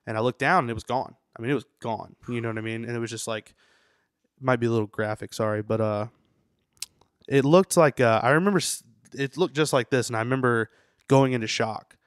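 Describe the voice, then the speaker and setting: A man's voice: medium pitch, a little fast, smooth, no echo, studio quality. Profane young man telling a story. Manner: rambling, profane, lots of "you know". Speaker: tattooer guest. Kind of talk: casual storytelling interview.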